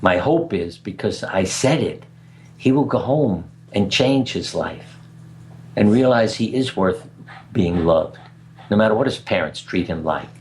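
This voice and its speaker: Older man, deep voice, earnest storyteller, radio interview guest. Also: lively intonation, measured pace, a little mellow, a little hiss or hum. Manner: earnest, anecdotal, chuckles at his own stories. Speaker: guest speaker.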